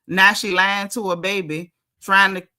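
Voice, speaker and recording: A woman's voice: medium pitch, fairly even intonation, unhurried, bright, forceful tone. A woman giving a casual, opinionated recap of a reality TV show, speaking bluntly with lots of slang.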